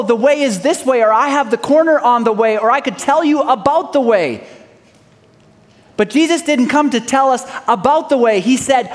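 High-voiced preaching man in a reverberant hall. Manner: preaching with swings from loud to hushed; acts out folksy small-town dialogues. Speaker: pastor. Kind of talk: sermon.

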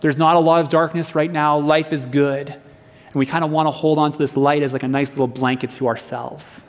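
A man's voice: fairly high pitch, fairly even intonation, a little fast. A young man preaching a sermon in a church, telling a personal story in an earnest, conversational way. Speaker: pastor. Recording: long reverb of a hall.

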